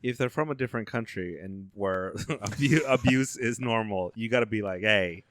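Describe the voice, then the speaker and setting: A man's voice: on the low side, normal speed, slight background noise. A man co-hosting a podcast in casual chat. He reacts briefly and makes dry, joking remarks. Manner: dry quips and short reactions. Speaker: podcast co-host.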